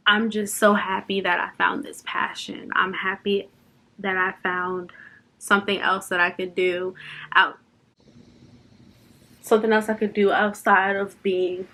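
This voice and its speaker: A woman's voice: mid-range voice, pushed and bright. A young woman chatting unscripted in a personal vlog, open and emotional, laughing and fighting back tears at times. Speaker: vlogger.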